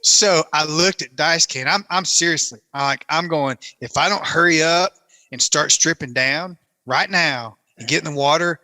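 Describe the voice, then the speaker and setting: A man with a sharp, tense, very bright voice tells a story on a podcast, lively and prone to bursts of laughter. The sound is close and dry, with no room around it. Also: on the high side, normal speed, dry recording. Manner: animated, breaks into laughter often. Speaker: guest storyteller.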